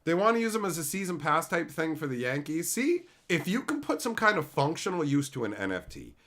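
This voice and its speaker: Animated, foul-mouthed male stream host. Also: fairly high pitch, a little fast. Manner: profane, sarcastic, animated ranting. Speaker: livestream host reading chat. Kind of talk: casual ranting commentary.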